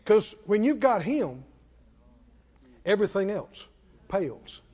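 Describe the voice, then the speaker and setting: High-voiced male preacher in a reverberant hall. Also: big pitch swings, takes it slowly, a little mellow, breathy edge. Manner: repeats phrases for emphasis, calls for congregation responses. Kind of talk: sermon. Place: church hall with congregation. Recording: reverberant hall, dull lo-fi sound.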